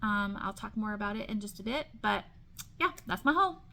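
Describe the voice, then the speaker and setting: A woman's voice: medium pitch, animated, fairly quick, creaky, sharp tone. Chatty woman book vlogger. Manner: chatty, many ums and restarts, light laughs. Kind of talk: casual chat.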